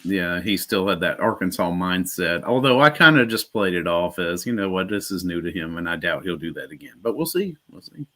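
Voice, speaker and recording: Man, sports guest, deep voice, bright and animated, wry asides. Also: brisk, hardly any pauses. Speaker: weekly guest commentator. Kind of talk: casual sports talk.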